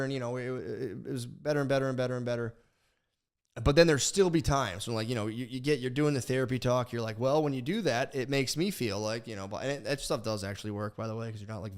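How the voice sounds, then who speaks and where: A young man co-hosting a podcast, telling a story in a rambling, profane, animated way, full of restarts. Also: mid-range voice. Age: young adult. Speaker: podcast co-host. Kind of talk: casual podcast chat.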